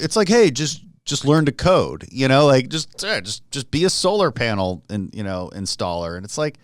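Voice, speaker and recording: Podcast host, man, low smooth voice, dry close sound, relaxed and blunt. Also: no echo. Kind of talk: casual conversational interview.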